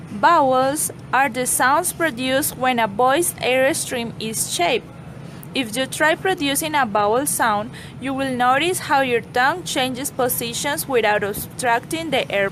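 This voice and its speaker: A woman with a fairly high voice narrates a scripted pronunciation lesson. Her delivery is steady, measured and explanatory, with a faint hiss of noise behind her. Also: low-quality recording. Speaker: pronunciation teacher.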